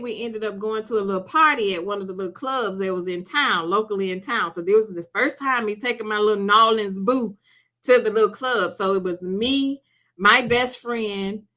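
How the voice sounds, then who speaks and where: A middle-aged woman hosting a podcast, telling a personal story in an animated, chatty way, laughing often and calling the listener "girl". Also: medium pitch. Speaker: podcast host. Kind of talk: casual storytelling to women listeners.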